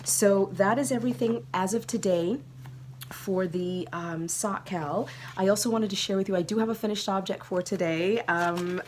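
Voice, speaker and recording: A woman's voice: lowish voice, a little hiss or hum. A woman hosting a knitting video podcast, chatting casually and gushing to viewers with plenty of ums. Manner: chatty, gushing, many fillers. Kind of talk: casual chat to camera.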